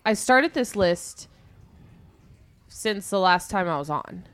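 A woman's voice: medium pitch, expressive, slow, fairly bright tone, dry recording. Chatty woman in her thirties. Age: 30s. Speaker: podcast co-host. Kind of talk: casual chat.

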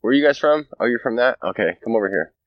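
A man's voice: mid-range voice, animated, quick pace, dry recording, dull audio, pitched above the performer's own voice, lightly acted. A man voicing a group of mocking aliens who sneer at humans with profane disbelief.

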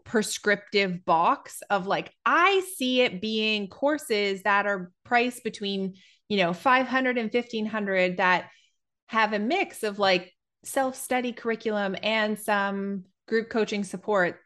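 A woman speaking as a business coach in a casual podcast conversation, explaining in a measured, thoughtful way with pauses. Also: mid-range voice, a bit bright.

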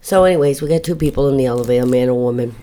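An older woman chatting on a casual podcast, blunt and salty. She tells crude jokes and tough stories without softening anything, and she swears freely along the way. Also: extremely low pitch, rapid-fire. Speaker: guest, host's mother.

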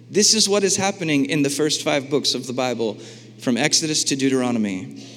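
A man preaching a sermon in a lively, conversational way, asking his congregation questions and acting out the voices in the scripture. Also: on the high side. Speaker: pastor. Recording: long hall reverb.

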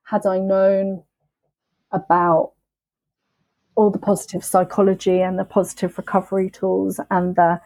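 A woman on a podcast, telling her sobriety story in a candid, emotional, halting way. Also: mid-range voice, warm tone, dry recording, rough recording. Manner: emotional, halting, with frequent restarts and swearing.

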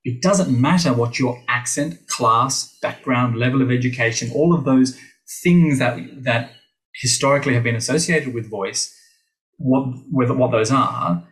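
Man, Australian accent, middle-aged, voice teacher, animated, jokes to listeners, podcast interview. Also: mid-range voice, unhurried, poor audio. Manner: animated, playful asides to listeners. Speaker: guest, voice teacher.

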